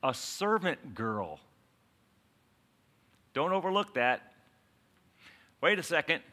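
Slow, bright-voiced male preacher. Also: on the high side. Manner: animated preaching, acts out quotes, asks the congregation. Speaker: pastor. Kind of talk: sermon.

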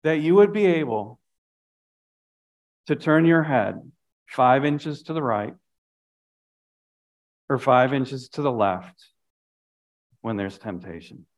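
A man's voice: mid-range voice, lively intonation, slow pace, pauses often, lo-fi sound. A man, a pastor, preaching a sermon earnestly, often repeating phrases and dropping his voice for emphasis.

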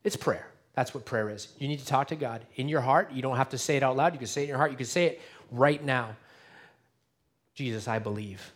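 A man preaching an Easter sermon as pastor, earnest and direct, dropping to a hush and then rising to emphatic appeals. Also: medium pitch, quick pace. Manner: earnest, dynamic swings between hushed and emphatic. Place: church sanctuary.

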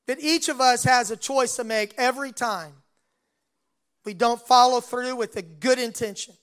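A man's voice: extremely high pitch, normal speed, fairly bright tone. A man preaching a sermon and retelling a Bible story, voicing its dialogue along the way.

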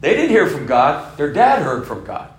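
A man in his fifties preaching a sermon as a bishop, telling stories and swinging between loud emphasis and soft, hushed passages. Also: a little high, huge pitch swings, normal speed, roomy sound. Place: church sanctuary.

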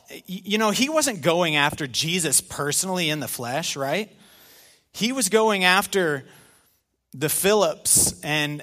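A middle-aged male pastor preaching a sermon in an animated, conversational way with self-deprecating humor. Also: a little high.

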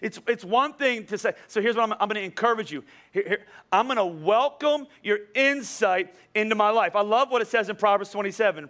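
A middle-aged man, a pastor, preaching a sermon with animated storytelling, quoted dialogue and rhetorical questions. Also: high voice, a little fast, few pauses.

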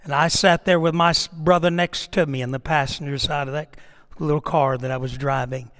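A man's voice: a little high, fairly even intonation, fairly quick, a bit bright, big-room sound. A middle-aged man, a pastor telling a story in a sermon with emphatic, dramatic delivery.

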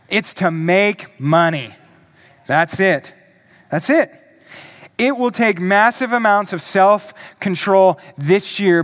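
A male pastor preaching a sermon, emphatic and deliberate, asking the congregation questions. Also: high-pitched, a bit bright.

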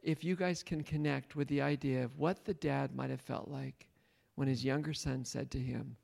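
A man's voice: medium pitch, steady tone, normal speed, vocal fry, darkish tone. A man leading a Bible study, retelling a story and questioning his listeners, laughing often. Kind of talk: interactive Bible teaching.

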